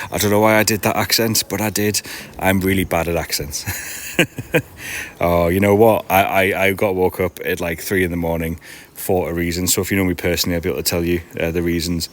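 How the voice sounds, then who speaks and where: A man's voice: sits low, little pitch movement, brisk. A tired man in his forties, chatting casually and self-deprecatingly on a live stream while setting up a market stall in a glass-roofed old station. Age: 40s. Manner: rambling and self-deprecating, with frequent restarts. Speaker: card seller and livestream host.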